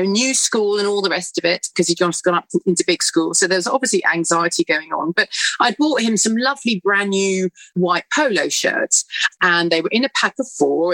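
A middle-aged woman, a presenter and author, telling a lively story about her son and giving calm parenting advice. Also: mid-range voice, no echo, rough recording. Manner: lively anecdotal, acting out her own inner voice.

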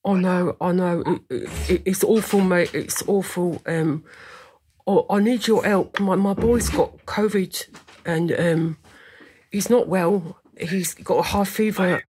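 A woman's voice: on the low side, fast, hardly any pauses, a little mellow, a little hiss or hum, natural voice. A woman putting on a clumsy accent to play a panicked mother with a sick boy, stammering over a phone line. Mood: worried. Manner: stammering, overdone put-on accent. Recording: distant phone call recording.

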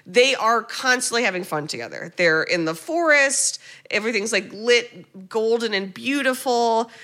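Recapping a film for her podcast, this American co-host keeps things casual and comedic, wandering off into jokes along the way. She speaks at a normal speed in a fairly high, expressive voice with a sharp edge.

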